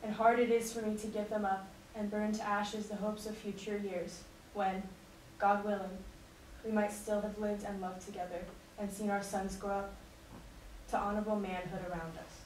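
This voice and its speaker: A woman's voice: mid-range voice, level tone, moderate pace, a little mellow. Earnest woman heard from across an echoey room. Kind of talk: class presentation and dramatic letter reading. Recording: echoey room recorded from a distance, faint noise.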